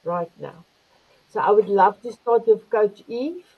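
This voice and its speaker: A woman's voice: mid-range voice, moderate pace, slightly rough, phone-quality sound. An older woman hosting an online talk show, effusive and calling her guests beautiful. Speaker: host. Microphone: video call.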